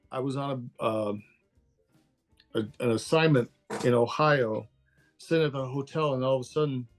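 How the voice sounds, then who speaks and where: An older man from Texas, a guest in a casual interview, talking candidly and laughing easily. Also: medium pitch. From Texas, USA. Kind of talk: casual interview over a call.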